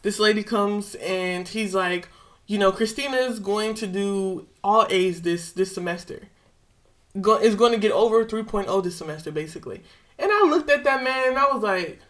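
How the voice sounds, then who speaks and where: A woman's voice: mid-range voice, normal speed, fairly bright tone. A young woman vlogger casually retelling a personal story with slang and emotion.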